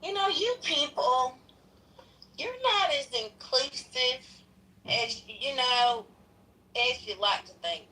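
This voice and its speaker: A woman's voice: sits high, lively intonation, slow, pauses often, pushed and bright, poor audio. A woman co-hosting a casual chat who talks in a sarcastic, mock-preachy way. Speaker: co-host.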